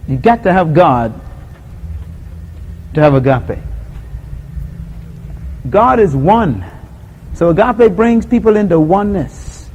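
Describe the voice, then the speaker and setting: A man with a high-pitched voice preaches slowly on love, pausing often, telling stories in an animated, conversational way and acting out small scenes and quotes. He chuckles frequently and questions his audience. Expect a low-quality recording with slight background noise.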